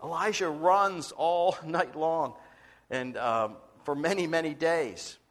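High-voiced man preaching a dramatic sermon. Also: slow pace. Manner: dramatic storytelling, acting out quoted voices, dropping to a whisper. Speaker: pastor.

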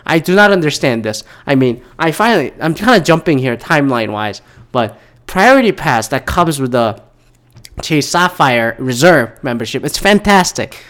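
A man's voice: fairly high pitch, fairly bright tone. A man talking alone in a casual monologue, rambling off on tangents and swearing freely as he rants. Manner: rambling, profane, goes off on tangents.

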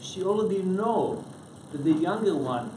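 A man with a fairly high voice comments during a group study, his thoughts coming out in short, halting phrases. The room echoes, and steady background noise sits clearly behind him. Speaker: class participant.

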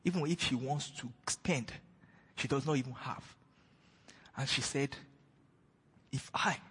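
Husky preacher in a reverberant hall. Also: male voice, a little high. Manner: emphatic, swings between loud declaration and hushed retelling. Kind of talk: sermon.

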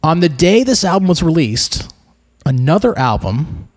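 A man's voice: a little high, big pitch swings, normal speed. A man co-hosting a podcast, chatting casually and explaining album facts in an easygoing way. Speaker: podcast co-host presenting the album.

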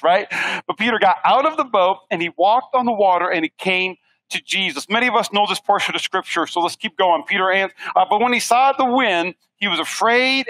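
A man in his thirties preaching an energetic, conversational sermon to a studio audience, acting out voices with sudden shouts. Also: sits high, no room sound, low-quality recording. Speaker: pastor.

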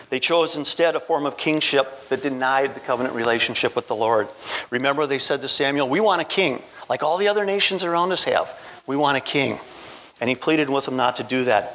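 A man's voice: mid-range voice, a bit bright, slight background noise, low-quality recording. A man preaching a sermon, retelling a Bible story in a storytelling manner. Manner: storytelling, voicing Bible characters in quotes.

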